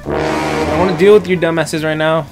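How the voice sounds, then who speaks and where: A man streaming a video game and commenting loudly, excitable, joking and crude. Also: on the high side, normal speed. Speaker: gaming streamer. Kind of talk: let's-play commentary. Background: game music.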